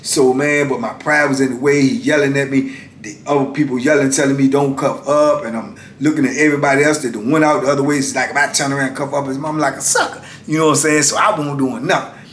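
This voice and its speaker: Animated middle-aged man telling a story. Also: fast. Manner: animated, acts out shouted exchanges, slangy and emphatic. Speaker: former prisoner telling his story. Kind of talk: casual storytelling. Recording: echoey room with faint rumble.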